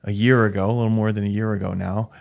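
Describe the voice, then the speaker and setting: A man hosts a fitness podcast in an easy, conversational way, backing up his guest. His voice is fairly low with a gravelly edge, and he speaks at a relaxed pace. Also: fast talker. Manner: affirming, conversational. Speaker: gym owner, podcast host. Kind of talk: casual interview chat.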